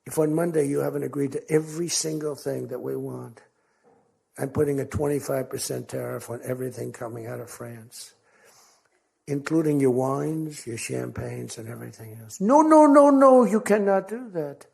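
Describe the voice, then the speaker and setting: Gravelly man giving a rambling speech. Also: medium pitch, fairly even intonation, normal speed, mellow. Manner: rambling, digressive, boastful storytelling; acts out quoted conversations with shifting voice. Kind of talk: unscripted political speech. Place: large meeting venue.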